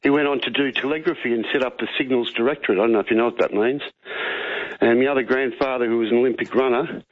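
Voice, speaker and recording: An Australian man calling in to talkback radio, insistent and rambling, saying mate often. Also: medium pitch. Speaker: caller. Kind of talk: talkback phone call. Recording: tinny phone line.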